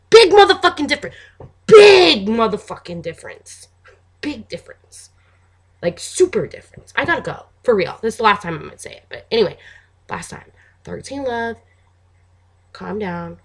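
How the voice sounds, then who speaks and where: A woman vlogger ranting to her camera in a profane, animated way, laughing often and swinging between loud outbursts and near-whispers. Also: mid-range voice, husky. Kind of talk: casual rant to camera.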